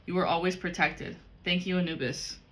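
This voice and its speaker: A woman's voice: fairly low pitch, steady tone, normal speed, fairly bright tone. A woman giving a casual spiritual tarot reading, blunt and profane, talking straight to the viewer. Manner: talks directly to the viewer. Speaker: tarot card reader.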